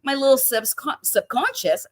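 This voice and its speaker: A woman's voice: sits high, very animated, moderate pace, dry recording. A woman from Canada, a guest chatting casually and self-deprecatingly with lots of fillers. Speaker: guest home grower. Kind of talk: casual podcast chat.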